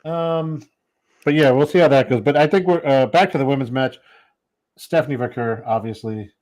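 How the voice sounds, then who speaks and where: A man hosting a live podcast in casual chat, relaxed as he runs through a list and greets viewers by name. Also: medium pitch, moderate pace. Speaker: host of a wrestling podcast.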